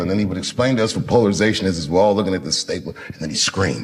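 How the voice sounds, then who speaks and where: Low-voiced man in his fifties, storytelling. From Washington, D.C. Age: 50s. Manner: measured, unhurried storytelling with dramatic pauses and acted-out quotes. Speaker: comedian. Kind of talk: reflective storytelling to an audience.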